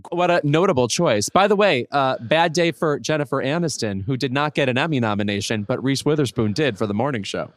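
A man with a mid-range voice co-hosts a chatty podcast. His recording is close and dry, with no room sound. He drops wry, deadpan asides as he goes. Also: mid-range voice, a little fast, few pauses, no room sound. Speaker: podcast co-host. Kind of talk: casual pop culture chat.

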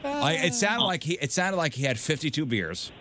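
Lively, teasing male radio host. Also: on the high side, normal speed, a little hiss or hum. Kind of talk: casual radio chat.

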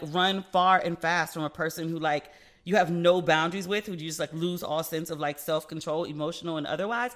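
A woman podcast host with a bright, sharp-edged voice, talking in a loose, candid gossip style. She swears casually and drifts into acting out conversations as she tells stories. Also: lowish voice. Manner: candid and chatty, swears freely, acts out quoted exchanges. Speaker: podcast host and relationship expert. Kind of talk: solo gossip podcast chat.

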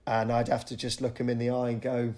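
A man's voice: medium pitch, monotone, fairly quick, a little mellow. A middle-aged man, a comedian guest on a podcast, spins a self-deprecating anecdote in a mid-range voice. He acts out the other people's lines as he goes.

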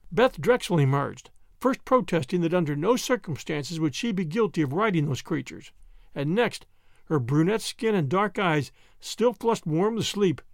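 A man reads a classic short story with dramatic flair and varied character voices. His voice is high and animated, with a gravelly rasp. The recording is dry and close. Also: no room sound. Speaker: narrator. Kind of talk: audiobook reading of a short story.

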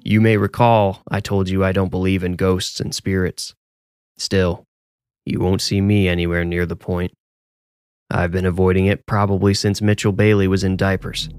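A man reading a scripted horror story aloud in a measured, low-key storytelling manner. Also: little pitch movement, a little mellow, smooth, no room sound, clean studio sound, soft background music.

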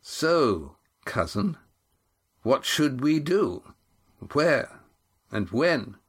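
A man's voice: mid-range voice, big pitch swings, drawn-out words, breathy edge, pitched above the performer's own voice, heavily acted. A disdainful man of the ships, voiced by a male audiobook narrator, disparaging and affronted. The voice stays close to the reader's own, read as a storybook voice. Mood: disgusted. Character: disdainful male ship's cousin.

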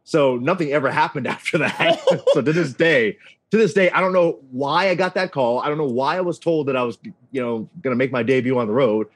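Male guest, 30s, wrestling announcer; animated storyteller, mid pitch, voices the people he quotes. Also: a little fast. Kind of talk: casual interview storytelling.

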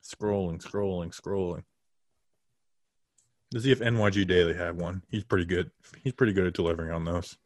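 A man in his late twenties, co-hosting a podcast in casual chat, telling stories in an animated way and acting out the people he quotes. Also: deep voice, rapid-fire, dry recording, clean studio sound. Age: 20s. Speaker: podcast co-host.

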